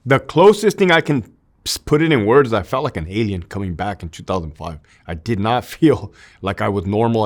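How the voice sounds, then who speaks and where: An army veteran being interviewed tells his story openly in a loose, conversational way, his lowish voice full of "dude" and "like" and free swearing. Raw emotion stays just beneath the plain telling.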